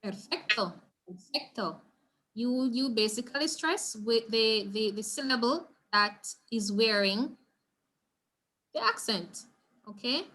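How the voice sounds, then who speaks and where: A woman's voice: fairly high pitch, lively intonation, slow pace, bright, forceful tone. A woman with a Jamaican accent leading an online Spanish class, encouraging her students and mixing English with Spanish. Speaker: teacher leading the workshop.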